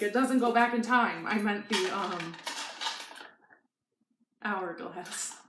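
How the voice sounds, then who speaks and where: A young woman talks through her gifts in a loose, giggly way, with lots of "um" and "like". She is recorded in an echoey room with a faint hiss behind her. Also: mid-range voice. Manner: chatty and giggly, with many fillers. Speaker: vlogger. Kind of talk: casual haul chat.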